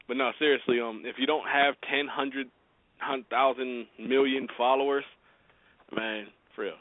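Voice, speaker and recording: A man's voice: mid-range voice, fairly even intonation, unhurried, dry recording, phone-quality sound. A man hosting a casual talk show, giving joking, rambling advice on promoting music, often laughing. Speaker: podcast host.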